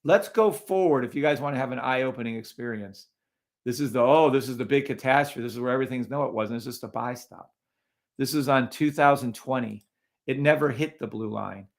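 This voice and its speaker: A man's voice: mid-range voice, brisk. A man hosting a live trading stream, talking casually over charts and greeting viewers in the chat, often sounding incredulous.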